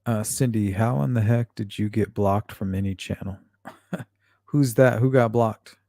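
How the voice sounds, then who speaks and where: A man's voice: fairly low pitch, fairly even intonation, a little slow, mellow, dry recording, studio quality. A man hosting a true-crime livestream, chatting casually and reading out viewer comments, blunt and often profane. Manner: blunt and profane, with frequent fillers.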